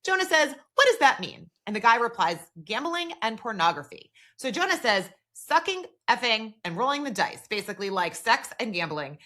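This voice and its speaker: Animated bright-voiced woman recapping. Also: a little high, fairly quick, hardly any pauses. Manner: animated, recounts dialogue in quoted voices. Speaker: podcast co-host. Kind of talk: casual recap chat.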